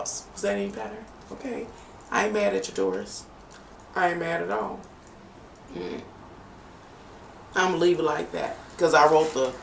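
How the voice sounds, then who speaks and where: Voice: mid-range voice, gravelly. A tarot reader giving a chatty, playful live-stream reading, with teasing asides to viewers. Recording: echoey room, distant from mic, faint noise.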